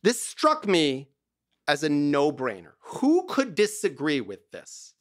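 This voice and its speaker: Animated man, emphatic storyteller. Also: on the high side, slow pace, no room sound, clean studio sound. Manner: emphatic storyteller, acts out quoted dialogue, swears casually. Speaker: divorce lawyer, podcast guest. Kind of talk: animated conversational interview.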